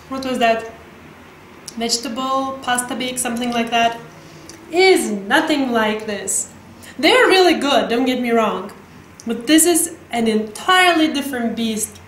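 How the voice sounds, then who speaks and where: Excitable woman gushing in an echoey kitchen. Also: slight background noise. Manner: gushing, excitable, breaks into squeaky voice. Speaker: cooking vlogger. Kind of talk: casual cooking vlog. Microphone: camera mic, some distance away.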